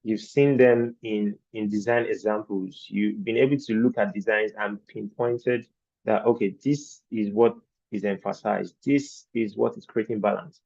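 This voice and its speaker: A man lectures an online design class in a low, mellow voice, taking his time over each point. He keeps posing rhetorical questions to the learners. The sound is dry and dull, like low-fidelity call audio. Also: steady tone, unhurried, creaky, no room sound. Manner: explains patiently with rhetorical questions. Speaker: design instructor. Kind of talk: virtual training lecture.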